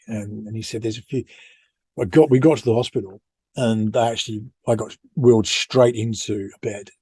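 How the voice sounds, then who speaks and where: A man's voice: lowish voice, fairly even intonation, moderate pace, darkish tone, breathy edge, no echo. A middle-aged British man co-hosting a podcast, telling a personal story in a casual, rambling, self-deprecating way with many restarts. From United Kingdom. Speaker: podcast co-host.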